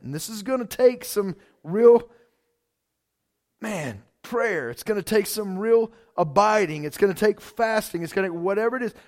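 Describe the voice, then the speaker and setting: High-voiced pastor preaching casually. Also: male voice. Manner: conversational, repeats words, lots of "man" and "like". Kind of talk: sermon.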